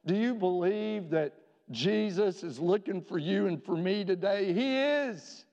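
Male pastor, fairly high voice, earnest sermon delivery, dull reverberant sanctuary sound. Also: a little mellow. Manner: earnest preaching with rhetorical questions, slowing for emphasis. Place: church sanctuary. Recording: dull reverberant church recording.

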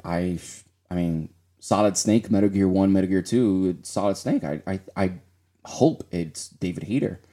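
A man's voice: sits low, normal speed, warm tone. A man co-hosting a casual gaming podcast, rambling with many fillers and restarts. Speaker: podcast co-host.

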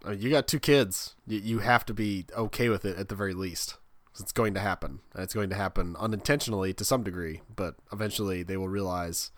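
A man's voice: sits low, brisk. A man co-hosting a casual comedy podcast, riffing playfully and jumping into silly bits. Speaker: podcast co-host.

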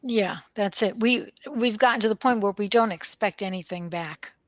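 A woman chatting casually, complaining in an animated way. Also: mid-range voice, moderate pace, no room sound. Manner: complaining, animated when mimicking others. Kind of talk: casual chat.

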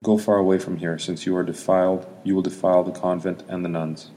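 A man's voice: deep voice, little pitch movement, fairly quick, mellow, close to an everyday voice. A man reading as a harsh, merciless nun. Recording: long hall reverb.

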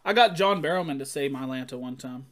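A man co-hosting a podcast, chatting casually and telling playful stories with quick jokes. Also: medium pitch. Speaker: podcast co-host. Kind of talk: casual chat.

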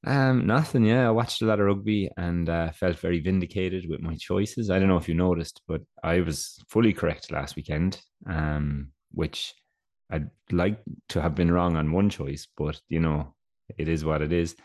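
A young man co-hosts a podcast in casual conversation, sounding stuffed up as he tells stories and laughs often. His voice is low and darkish, at a moderate pace.

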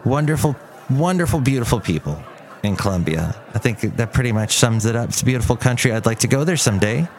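A man's voice: mid-range voice, lively intonation, fast. A man hosting a podcast as a loose, comic solo monologue, wandering off on tangents and joking at his own expense. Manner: rambling, self-mocking asides. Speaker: podcast host. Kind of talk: casual comedic monologue.

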